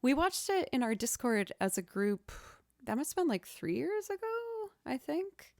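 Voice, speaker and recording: A woman hosting a casual livestream chat, answering viewer questions as a chatty, expressive storyteller. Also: sits high, a little slow, dry recording, clean studio sound. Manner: chatty, expressive storyteller who acts out quoted reactions.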